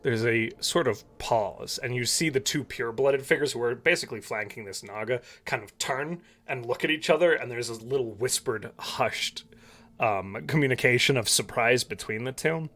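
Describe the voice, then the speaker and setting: A man narrating a tabletop game as dungeon master, slow and descriptive, with many fillers. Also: mid-range voice, a bit bright.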